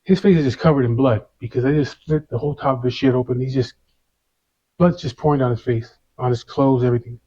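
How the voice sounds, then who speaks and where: A man's voice: mid-range voice, steady tone, quick pace, dark tone. Guy telling his story, lots of slang and cussing and "you know", kinda muffled audio. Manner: casual street slang, swears, constant "you know". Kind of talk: first-person storytelling.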